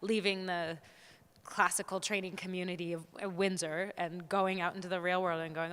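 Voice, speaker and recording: Young woman actor, low-set, bright, crisp voice; frank, self-mocking panel storyteller; long hall reverb. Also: normal speed. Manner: lively, frank, self-deprecating. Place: theater hall at a live talk.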